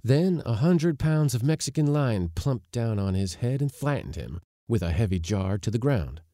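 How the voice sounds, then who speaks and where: A man reading a story aloud in an expressive, wry narrating manner. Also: medium pitch, moderate pace, dry recording, studio quality. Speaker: audiobook narrator.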